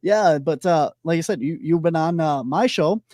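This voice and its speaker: A man with a somewhat high voice hosts a podcast interview. He rambles and hunts for words, and his voice is wearing thin. The sound is dry and close, with no room echo. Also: moderate pace, dark tone. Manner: rambling, many fillers and restarts. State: losing his voice. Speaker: podcast host. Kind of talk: casual interview chat.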